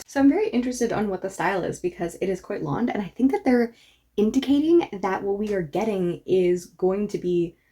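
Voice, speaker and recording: A woman's voice: mid-range voice, warm tone. A woman book reviewer talking casually and enthusiastically in a reaction vlog. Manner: enthusiastic, chatty.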